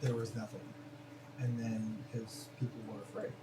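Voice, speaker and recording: A man's voice: on the low side, level tone, moderate pace. A man hosting a casual conversation, talking in an earnest, thoughtful way with frequent restarts. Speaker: host. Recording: roomy, distant mic with noise.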